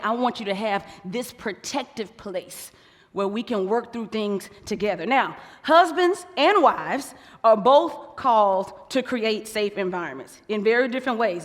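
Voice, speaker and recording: A woman's voice: on the high side, fairly bright tone. A woman preaching a sermon, playful and acting out quoted couples. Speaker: pastor's wife preaching. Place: large church hall. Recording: long church hall reverb.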